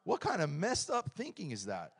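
A middle-aged man preaching a lively, joking sermon in a church, swinging between loud points and quiet asides. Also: fairly high pitch, normal speed, husky. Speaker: pastor.

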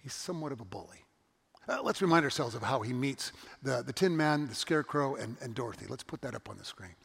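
A man's voice: medium pitch, lively intonation, quick pace, creaky, a bit bright, breathy edge, in a large hall. A man preaching a sermon in an earnest, storytelling manner, often restarting his words. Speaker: pastor.

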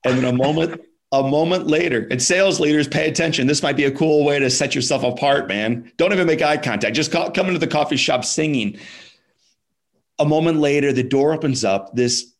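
A man's voice: on the high side, a little fast. A man guest on a podcast, telling a personal story in a casual, emphatic way, dropping "like", "man" and "dude" and sometimes repeating words. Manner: repeats words when emotional.

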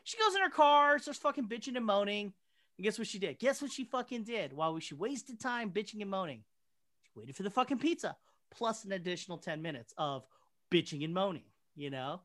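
A man in casual conversation, telling stories from his job with a lot of energy. His pitch swoops up and down as he acts out what he and his customers said. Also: a little fast. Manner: animated storyteller acting out quoted exchanges. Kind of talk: casual chat, storytelling.

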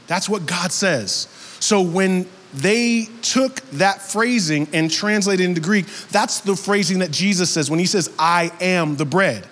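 A man preaching a sermon as pastor, in a casual and animated way that builds to emphatic peaks. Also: high voice, big-room sound.

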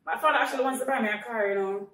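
A woman's voice: fairly high pitch, very fast, fairly bright tone, recorded from a distance. A young woman co-hosting a podcast in casual chat, rambling with many fillers. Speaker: podcast co-host. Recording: roomy echo, away from the mic.

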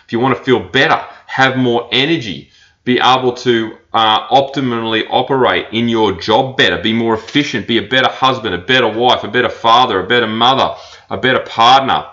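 A man's voice: medium pitch, a little fast, bright, forceful tone. A man hosting a solo podcast as a personal trainer. He talks bluntly and hammers his points home by repeating them. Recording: dull lo-fi podcast audio.

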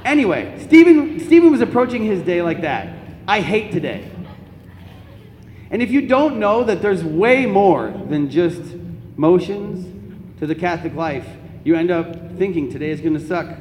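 High-voiced man telling funny stories in a hall. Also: normal speed, slight background noise. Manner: animated, comic storytelling with laughs. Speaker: Catholic speaker. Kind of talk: storytelling talk to an audience. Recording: echoey hall, faint ambience.

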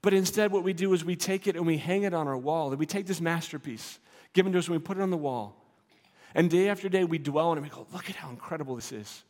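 A man's voice: on the high side, fast talker, a little mellow, in a large hall. A man preaching a sermon as a pastor, earnest and repetitive, building to emphatic declarations.

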